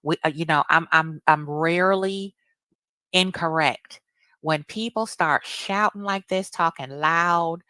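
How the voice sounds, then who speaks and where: A woman's voice: fairly low pitch, slow, bright, forceful tone, clean tone, no echo. A woman delivering a blunt, indignant commentary rant, often repeating herself. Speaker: commentary streamer. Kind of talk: reaction rant.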